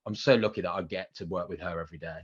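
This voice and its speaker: A man in his thirties, a radio presenter, telling animated stories as a podcast guest and acting out the quotes. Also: low-pitched, rapid-fire, breathy edge, lo-fi sound. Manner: animated anecdotes with acted-out quotes and excited outbursts. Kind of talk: casual interview storytelling.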